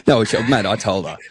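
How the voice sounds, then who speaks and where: A man chatting casually on a podcast, blokey and sweary, calling everyone mate. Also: fairly low pitch. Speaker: podcast co-host. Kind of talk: casual chat.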